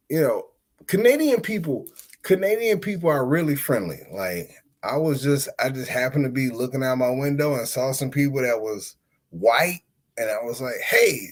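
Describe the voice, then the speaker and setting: A man hosting a podcast, telling a story in a casual monologue. He talks in slang and swings between loud outbursts and low mutters. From United States. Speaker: podcast host.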